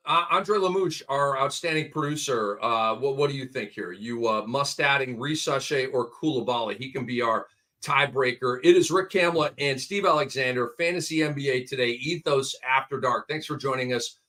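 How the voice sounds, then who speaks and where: A man co-hosting a casual sports podcast, excitedly rattling off stat lines. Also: mid-range voice, normal speed. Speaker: co-host. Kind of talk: casual fantasy basketball podcast chat.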